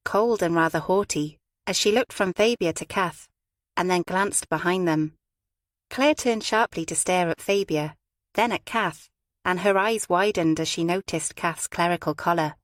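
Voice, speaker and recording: As an audiobook narrator, a woman reads a novel aloud in a measured, even way. Her voice is low, and the sound is dry and close with no room sound at all.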